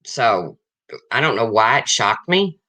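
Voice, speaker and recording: A person in their fifties hosts a livestream and talks frankly to the chat. The voice is bright and forceful, and it swings widely in pitch. They keep circling back to the same points in plain, casual language. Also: very animated, slow pace. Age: 50s. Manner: blunt and frank, repeats points. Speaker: livestream host.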